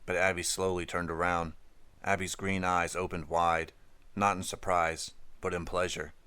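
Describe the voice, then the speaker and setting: Deep, smooth male audiobook narrator. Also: little pitch movement, normal speed, sharp tone, no echo.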